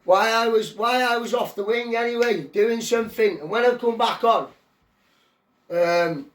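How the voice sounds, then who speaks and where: A man's voice: very high voice, a little slow, distant mic. A Welsh man telling a story in a casual, rambling, slangy way. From Wales. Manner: rambling, slangy, loose repeated fillers. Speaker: vlogger telling prison stories. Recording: echoey room, away from the mic.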